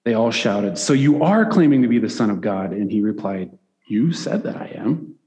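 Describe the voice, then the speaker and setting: A man's voice: fairly low pitch, lively intonation, moderate pace, warm tone, in a large hall. A man preaching a sermon, reading scripture aloud and breaking off into casual asides that keep asking "right?".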